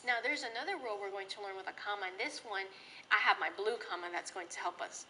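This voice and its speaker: A woman teacher giving a classroom grammar lesson in a patient, clear, sing-song way. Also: mid-range voice, fast, noisy background.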